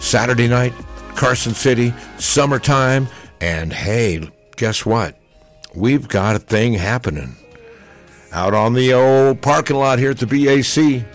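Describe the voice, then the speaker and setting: A man's voice: medium pitch, measured pace, soft background music. A man in his sixties hosting a live radio pre-show from an outdoor concert, with upbeat, folksy announcer patter. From Nevada, United States. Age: 60s. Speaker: radio host. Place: outdoors at a parking lot concert stage.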